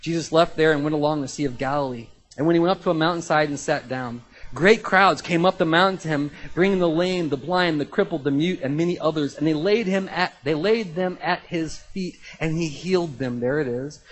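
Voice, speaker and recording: A man preaching a sermon in a conversational, animated way, with sudden jumps in pitch and loudness. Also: fairly quick, husky, rough recording. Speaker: pastor.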